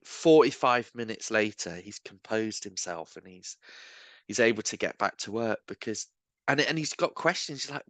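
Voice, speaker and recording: Casting: male guest, mid-pitched, dry close sound, spins funny faith anecdotes. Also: normal speed, no echo. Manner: animated, self-mocking anecdotes. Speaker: guest, street evangelist. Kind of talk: casual storytelling chat. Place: pub bar.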